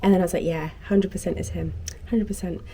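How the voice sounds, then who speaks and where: A woman's voice: on the low side, fairly even intonation, fast talker, creaky, mellow, a little hiss or hum. A young woman in her twenties chatting casually to camera as a vlogger, telling a story animatedly and acting out what each person said. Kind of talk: casual chat.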